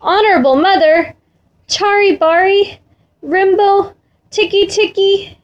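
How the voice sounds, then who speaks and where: A woman's voice: sits high, unhurried, muffled recording. A woman voicing a frantic little boy in a storybook, breathless and pleading as he stumbles over a long name.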